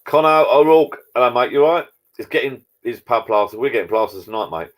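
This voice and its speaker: A man's voice: mid-range voice, fairly quick. A man hosting a casual live chat from his garden bar. He rambles and greets viewers by name. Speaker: live stream host. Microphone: laptop.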